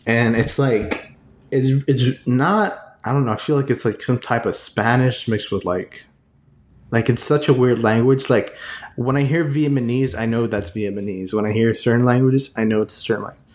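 A man's voice: medium pitch, moderate pace, a little mellow, echoey room. Rambling young man in casual chat. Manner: rambling, hesitant, lots of fillers. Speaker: friend in conversation.

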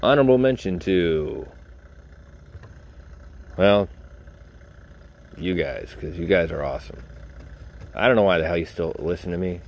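Speaking unhurriedly in a deep, gravelly voice with lively intonation and frequent pauses, a male podcast host rambles through a personal story. He keeps it casual and profane and addresses his audience directly.

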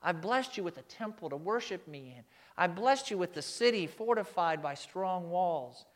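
A man with a notably high voice preaches a sermon. He speaks emphatically and turns to his listeners with rhetorical questions. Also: expressive, normal speed. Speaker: pastor.

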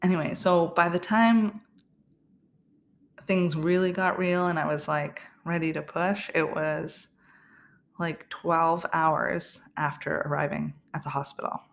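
A woman's voice: sits low, fairly even intonation, measured pace, creaky, slight background noise. A young woman hosting a podcast, chatting casually through a personal story, laughing often and restarting her sentences. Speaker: podcast host.

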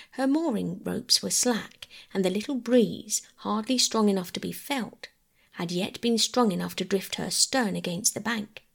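A woman reads a bedtime story in a calm, even voice of middle height. A gravelly fry runs under her words. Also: mid-range voice.

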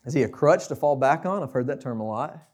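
Mellow-voiced man giving a casual sermon. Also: medium pitch, animated, quick pace. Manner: conversational, asks questions. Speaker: preacher.

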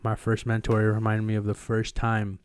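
A young podcast co-host tells a personal story in a profane, animated, casual chat, speaking fairly quickly. His smooth, clear voice stays fairly level in pitch, and the recording is dry and close-miked with no room sound.

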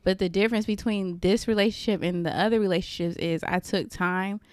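A woman's voice: medium pitch, fairly even intonation, darkish tone, no room sound. A woman co-hosting a casual podcast, speaking candidly and hesitantly about trust. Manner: candid and emotional, slow and hesitant when opening up. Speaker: podcast co-host.

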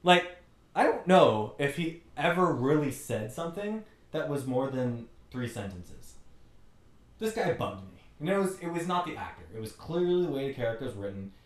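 A man's voice: medium pitch, sing-song, normal speed, roomy sound, recorded from a distance. A man giving an exasperated, joking recap of a bad movie, putting on mocking voices as he goes. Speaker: movie reviewer. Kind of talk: comedic movie rant.

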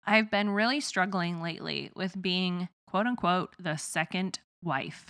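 A woman's voice: on the low side, measured pace, fairly bright tone. A woman in her thirties from the rural Midwest with a slight twang, co-hosting a casual podcast, chatty and laughing often. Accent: rural Midwestern American with a slight twang. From rural Midwest of the United States. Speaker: podcast co-host.

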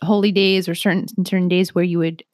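A woman's voice: lowish voice, level tone, a little fast, a little mellow, dry recording, clean studio sound. A woman co-hosting a casual podcast, friendly and a little self-conscious, now and then stumbling over her words. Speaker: podcast co-host.

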